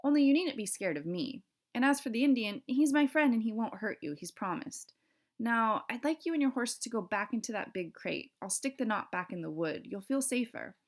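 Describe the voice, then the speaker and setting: A woman's voice: a little high, expressive, moderate pace, voice pushed up, lightly acted. A woman voicing an earnest, kindly bossy young boy while reading a storybook aloud. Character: young boy, earnest and firm with tiny friends.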